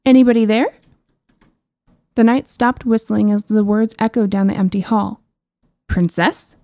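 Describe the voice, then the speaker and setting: A woman narrates a fantasy audiobook in a warm, mellow voice. Her delivery is even and storybook-like, with dry, wry asides. The sound is close and dry. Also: medium pitch, normal speed, gravelly, no echo. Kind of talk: scripted narration.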